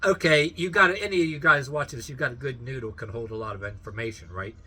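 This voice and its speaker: Rambling man with a bright voice. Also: mid-range voice, quick pace, slightly rough. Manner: rambling, full of fillers and restarts, stifling laughter. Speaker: vlogger telling a story. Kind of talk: rambling casual storytelling.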